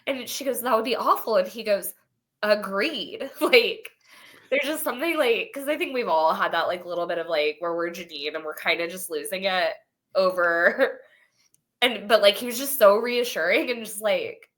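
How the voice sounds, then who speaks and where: A woman teacher guesting on a casual podcast chat, animated and laughing often as she retells scenes. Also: mid-range voice, moderate pace. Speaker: guest, schoolteacher.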